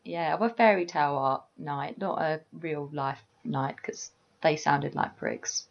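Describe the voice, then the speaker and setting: Low gravelly woman podcast cohost, relaxed and wry, dull lo-fi mic. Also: measured pace. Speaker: podcast co-host. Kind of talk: casual anime discussion.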